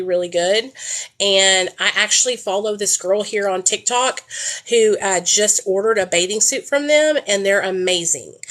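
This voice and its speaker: A woman's voice: medium pitch, a bit bright. A woman live-streaming, chatting casually and bluntly with plenty of swearing while she shops.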